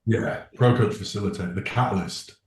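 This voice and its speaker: A man's voice: lowish voice, a little fast. A man co-hosting a podcast, chipping in short offhand remarks. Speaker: podcast co-host. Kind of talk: casual chat. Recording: roomy, off-mic sound.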